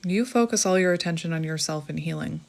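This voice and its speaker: A woman's voice: low-pitched, fast, vocal fry, very noisy. A woman giving an earnest, emotional tarot reading to the viewer, reassuring them and reading passages aloud. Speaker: tarot reader.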